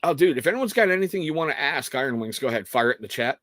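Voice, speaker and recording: A man's voice: on the high side, animated, very fast, fairly bright tone, dry recording, studio quality. A man hosting a casual livestream, talking in a rambling, earnest way with frequent restarts. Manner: rambling, self-interrupting, earnest. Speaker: livestream host.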